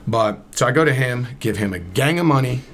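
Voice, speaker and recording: A man's voice: medium pitch, animated, a little fast, fairly bright tone. A man in his thirties from Camden, New Jersey, a podcast guest casually telling a long story and acting out both sides of the conversation. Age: 30s.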